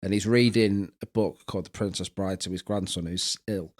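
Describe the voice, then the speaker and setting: A man's voice: low-pitched, moderate pace. A man, co-hosting a podcast in casual chat, telling stories animatedly. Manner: animated storytelling, puts on quoted voices. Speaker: podcast co-host.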